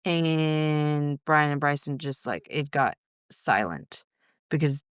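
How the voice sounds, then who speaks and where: Frank, foul-mouthed woman with a smooth voice. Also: sits low, lively intonation, no echo, clean studio sound. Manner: frank, swears freely, rapid rambling asides. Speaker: podcast guest. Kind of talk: candid conversational storytelling.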